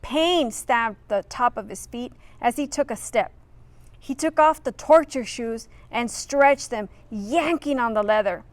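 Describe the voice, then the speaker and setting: Woman storyteller, children's book read-aloud; slow, lively asides, dry close sound. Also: fairly high pitch, dry recording. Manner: slow, expressive, adds friendly asides to listeners. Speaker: reader.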